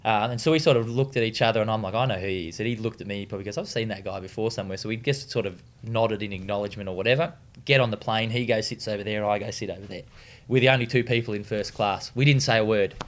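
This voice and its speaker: A man's voice: on the low side, fast. A man with an Australian accent telling stories in a casual interview, laid-back, swearing freely, with many fillers and restarts. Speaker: interview guest, retired distance runner.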